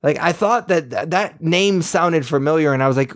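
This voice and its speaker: A man's voice: a little high, moderate pace, no room sound, clean studio sound. A young man co-hosting a podcast, giving blunt, rambling opinions in casual review chat. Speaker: podcast co-host.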